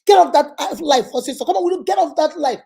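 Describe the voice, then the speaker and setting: Scornful husband, Nigerian accent, scolding, pitched up, as a woman puts him on. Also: fast talker, creaky, mellow. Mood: mocking. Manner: mocking, scolding. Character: belittling husband, dismissive and scornful.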